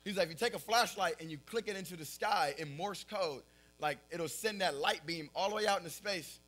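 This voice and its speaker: A young man preaching in a high, bright voice. He talks casually, with lots of fillers, and often breaks into laughter as he tells his stories. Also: a little fast, a little hiss or hum. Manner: animated storytelling, often laughing at his own story; casual filler-heavy talk. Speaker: pastor. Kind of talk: sermon.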